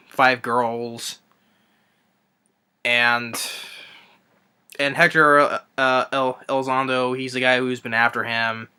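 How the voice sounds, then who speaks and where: A man's voice: mid-range voice, sharp tone, clean tone. A young man reviewing a film in an unscripted rant, rambling with many restarts and fillers. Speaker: movie reviewer.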